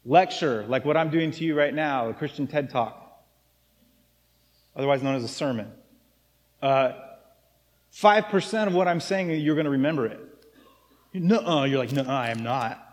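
A man's voice: a little high, animated, moderate pace, pauses often, big-room sound. A man preaching a casual, joking sermon as pastor of a church. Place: church sanctuary.

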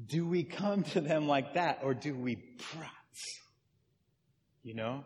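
Slightly high-voiced pastor preaching in a reverberant church. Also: male voice, slow pace. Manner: conversational preaching that engages the congregation. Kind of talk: sermon. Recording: long reverb of a large church hall.

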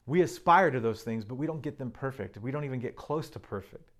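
A man's voice: mid-range voice, expressive, a little fast, fairly bright tone. A man preaching a sermon, earnestly reading and explaining scripture with emphasis.

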